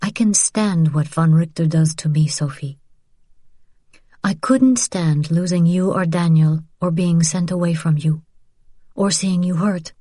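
A woman voicing a weary, ashamed mother who speaks quietly while trying to protect her children. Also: lowish voice, a little slow, no echo, clean studio sound. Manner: quiet and subdued.

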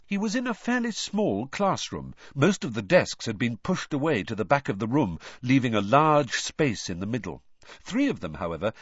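A man reading a story aloud with expressive, varied narration. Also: mid-range voice, husky, no room sound, dull audio. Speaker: audiobook reader.

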